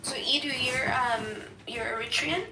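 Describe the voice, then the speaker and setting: A woman's voice: high voice, normal speed, background noise. A woman chatting casually, rambling and filling her speech with "like" and "um". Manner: rambling, many fillers like "like" and "um". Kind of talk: casual group chat. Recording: roomy, distant mic.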